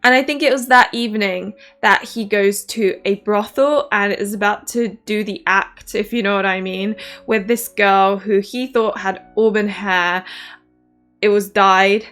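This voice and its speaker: A woman casually reviewing a book in a rambling, animated way, full of fillers. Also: medium pitch, measured pace, soft background music.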